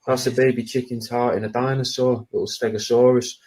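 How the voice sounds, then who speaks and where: A man showing off his odd handmade crafts in a flat, matter-of-fact way. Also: medium pitch, fairly quick, slight background noise, rough recording. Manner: matter-of-fact, deadpan, calling people "mate". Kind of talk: deadpan show-and-tell.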